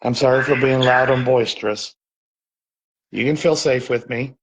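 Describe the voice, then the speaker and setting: A man from Texas on a live-streamed ghost hunt, talking softly and reassuringly to an unseen presence in an old building. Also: mid-range voice, moderate pace, noisy background. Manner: soft, coaxing, reassuring. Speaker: paranormal investigator. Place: old saloon building at night.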